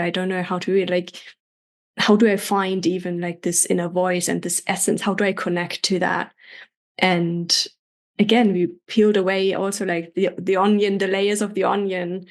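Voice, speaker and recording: A woman coach being interviewed on a podcast, speaking earnestly in a casual chat with many "like" fillers. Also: lowish voice. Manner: earnest, heavy use of "like" fillers.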